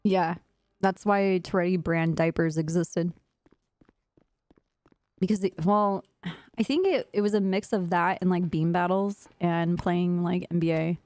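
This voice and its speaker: A woman's voice: fairly low pitch, steady tone, measured pace, pauses often, darkish tone, dry recording. Giggly rambling woman streamer. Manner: giggly, rambling storytelling with frequent laughs. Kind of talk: casual chat while gaming. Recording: faint music behind.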